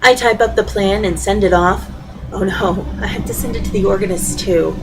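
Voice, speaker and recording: Middle-aged woman, reading her own essay, wry, deadpan, mid-pitched voice. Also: moderate pace, noisy background. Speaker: student writer reading her own story. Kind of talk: reading a personal essay aloud.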